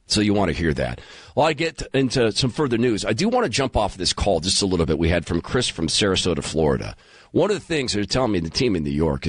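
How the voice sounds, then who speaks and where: A man around fifty hosting a talk radio show, emphatic and animated, taking calls. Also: lowish voice, slightly rough, dry recording. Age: 50s. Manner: animated, emphatic, turns emotional. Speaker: guest radio host. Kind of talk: talk radio monologue and call-in.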